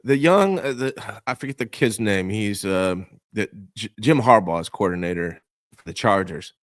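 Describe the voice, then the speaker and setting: A young man talking sports in a casual, emphatic way, peppering his points with slang. His voice sits on the low side and the sound is dry and close, with no room around it. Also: lively intonation, normal speed, dry recording. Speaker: co-host.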